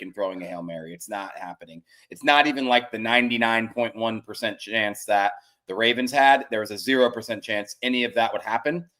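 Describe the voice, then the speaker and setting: A man's voice: medium pitch, a bit bright. A man co-hosting a sports betting podcast, blunt and profane, hammering his points with emphasis. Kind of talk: casual chat.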